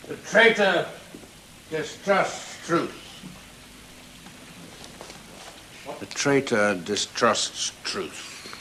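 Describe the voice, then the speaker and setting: Eddie Waters, a bright-voiced stern comic teacher. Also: male voice, on the high side, big pitch swings, a little hiss or hum. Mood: drilling. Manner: deliberate, cutting, lecturing. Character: stern veteran male comic teaching a night class. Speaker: comedy teacher. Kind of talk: 1970s television drama acting.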